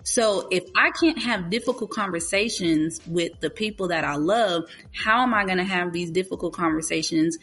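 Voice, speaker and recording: A woman with a husky, slightly breathy voice, talking candidly in a relaxed conversation. She speaks earnestly and openly, rushing through some phrases with quick asides. Soft music plays faintly underneath. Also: fairly low pitch.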